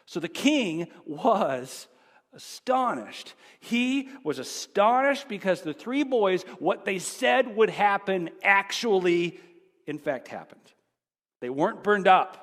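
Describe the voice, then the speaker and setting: A male pastor preaching a sermon, telling a story with animation, swinging between excited shouts and quiet asides. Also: a little high, slow pace, long reverb tail.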